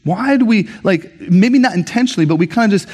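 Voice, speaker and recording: A male pastor delivering a sermon in a lively, conversational way, tossing in quick asides to the congregation. His voice sits high for a man, and he speaks to a gathered church. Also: breathy edge. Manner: animated, conversational, frequent "right?" asides.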